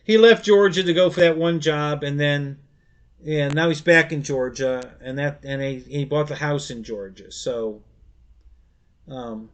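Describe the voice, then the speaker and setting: A middle-aged man hosting a live stream, telling a story in a rambling, halting way, with many restarts. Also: on the high side, clear, resonant tone. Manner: laughs easily while telling stories. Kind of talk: casual live-stream chat.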